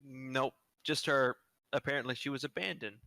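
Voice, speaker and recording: Bright-voiced joking man player. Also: mid-range voice, fairly even intonation, moderate pace, creaky, no room sound. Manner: joking, laughs often, hesitant fillers. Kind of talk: casual tabletop play.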